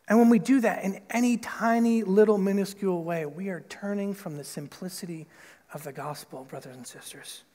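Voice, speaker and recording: Male pastor, conversational sermon delivery, acts out quotes, high-pitched, church with a long reverb tail. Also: fairly quick, dark tone. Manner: conversational, lots of "like" and "right?"; acts out quoted voices with big pitch jumps. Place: church sanctuary.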